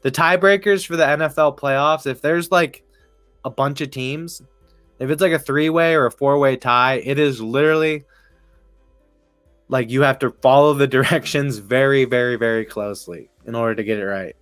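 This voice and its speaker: Dude ranting about sports on a live stream, swears a lot, mid pitch, dry sound. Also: male voice, normal speed, a bit bright, smooth, dry recording, faint music behind. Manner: rambling, profane, laughs while talking. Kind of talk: casual live game commentary.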